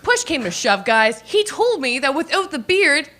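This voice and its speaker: Stand-up woman in her thirties, higher voice, playful and giggly, acts out quotes in silly voices. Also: very animated, normal speed, sharp tone, faint music behind. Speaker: stand-up comedian. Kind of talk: stand-up comedy set.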